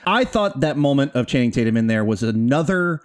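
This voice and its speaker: A man co-hosting a podcast, chatting in an animated, laughing and profane way. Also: medium pitch, a little fast. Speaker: podcast co-host. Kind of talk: casual chat.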